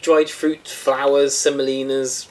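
A man's voice: mid-range voice, flat delivery, a little slow, a little hiss or hum, rough recording. A man co-hosting a podcast, chatting in a playful, teasing way. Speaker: podcast co-host. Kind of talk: casual chat.

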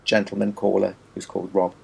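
A man telling stories in casual chat, with wry, deadpan, mock-formal phrasing. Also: deep voice, a little fast, vocal fry, breathy edge.

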